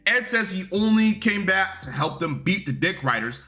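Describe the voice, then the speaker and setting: A man's voice: high voice, lively intonation, moderate pace, pushed and bright. A man reviewing a wrestling show in a casual recap rant, blunt, profane and dismissive.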